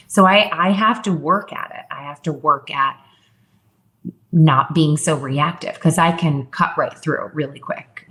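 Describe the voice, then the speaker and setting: A woman's voice: fairly low pitch, a bit bright. A woman in her thirties, a guest talking openly and reflectively in an interview, often quoting herself. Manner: open, reflective, quotes herself in raised voice. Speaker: guest, fitness founder. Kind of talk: candid interview conversation.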